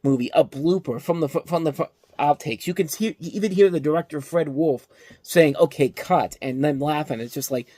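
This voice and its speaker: A man hosting his own film review show, ranting about a bad comedy in an exasperated, animated way. His voice sits a little high for a man. The recording is dry and close, with no room sound. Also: moderate pace, no room sound. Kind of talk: casual movie review monologue.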